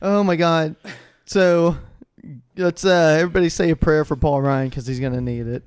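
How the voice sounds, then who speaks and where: A man's voice: a little high, steady tone, normal speed, a little mellow, clear, resonant tone, no echo, clean studio sound. Sarcastic man riffing on the news. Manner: sarcastic, brings news topics to mock. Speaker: podcast co-host. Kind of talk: crude comedic banter.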